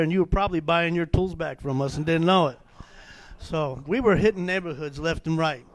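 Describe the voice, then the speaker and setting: A man giving an animated personal testimony at a church men's meeting, with many fillers and restarts. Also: a little high, no echo. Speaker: testimony speaker.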